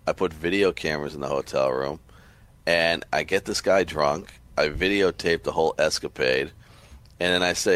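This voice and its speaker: A man co-hosting a sports radio show, chatting casually and playfully, throwing questions at his partner. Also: low voice. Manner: animated, jokey, throws questions.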